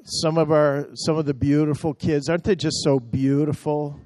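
A man's voice: on the high side, little pitch movement, moderate pace, a little mellow, no room sound, clean studio sound. A man talking a church through slides from a mission trip, chatty and emotional, telling the operator to move on.

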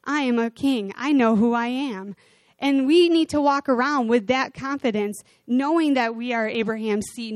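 A woman preaching a sermon, conversational and animated as she retells scripture. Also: on the high side, no echo.

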